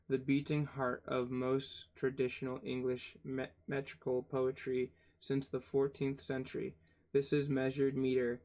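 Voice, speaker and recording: A man's voice: mid-range voice, darkish tone. A young man reading a textbook aloud on his channel, stumbling over hard words, spelling them out letter by letter, and grumbling and cursing between passages. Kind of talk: casual read-aloud with asides.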